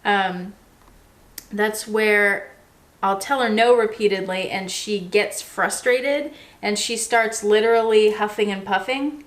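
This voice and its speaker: Talking casually to the camera, a woman vlogger speaks slowly in an ordinary middle pitch. She's chatty and relaxed, patiently explaining things with everyday examples while dropping in frequent ums and restarting her sentences.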